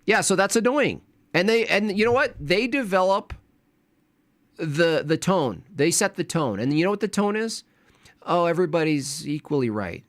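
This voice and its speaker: A man in a livestream commentary, irritated and mocking, who slips into soft put-on voices to mimic people. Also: high voice, expressive, normal speed, no echo.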